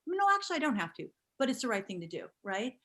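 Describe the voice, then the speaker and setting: A middle-aged woman, an actor as interview guest, chatting casually and telling animated stories. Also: fairly high pitch, quick pace. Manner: animated storyteller, acts out quotes.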